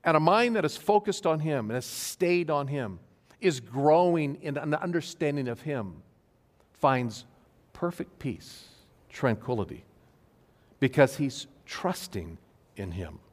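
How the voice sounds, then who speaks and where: A male pastor giving an earnest sermon to his congregation, stressing key phrases slowly. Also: a little high, expressive. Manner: earnest, emphatic preaching with slow stressed phrases. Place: church sanctuary. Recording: long hall reverb.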